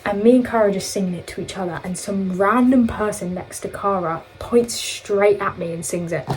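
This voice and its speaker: A young woman chatting through a long storytime for her vlog. She rambles, circles back and corrects herself mid-sentence in an easy, middle-pitched voice. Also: normal speed, poor audio. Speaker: vlogger. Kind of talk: casual storytime chat.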